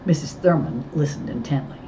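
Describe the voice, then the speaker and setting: A woman narrating a storybook as an audiobook reader, with an expressive, clear reading. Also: sits low, a little fast, muffled recording, background noise.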